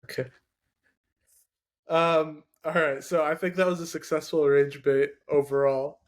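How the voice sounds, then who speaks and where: A man's voice: fairly high pitch, level tone, unhurried. A man debating football players on a casual sports podcast, arguing his case with plenty of "like" fillers. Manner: argumentative, lots of "like" fillers. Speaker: podcast co-host.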